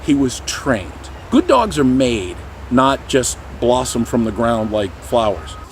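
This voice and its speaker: A middle-aged man talking casually to camera as a dog trainer, animated and breaking into goofy high voices now and then. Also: takes it slowly, slight background noise. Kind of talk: casual explanatory talk to camera.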